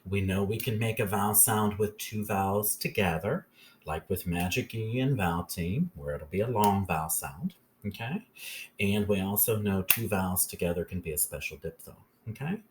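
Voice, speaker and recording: A man's voice: lowish voice, lively intonation, normal speed, background noise. A man teaching a phonics lesson step by step, patiently checking in with "okay?" as he goes.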